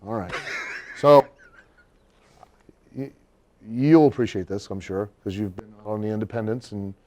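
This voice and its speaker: A man's voice: on the low side, measured pace. Laughing middle-aged male storyteller. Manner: animated storyteller, laughs often. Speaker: wrestler telling a story. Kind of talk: casual anecdote in an interview.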